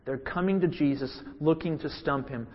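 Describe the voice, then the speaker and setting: A man's voice: fairly high pitch, normal speed. A man preaching a sermon who repeats key phrases for emphasis and poses questions straight to his listeners. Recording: dull lo-fi with long hall reverb.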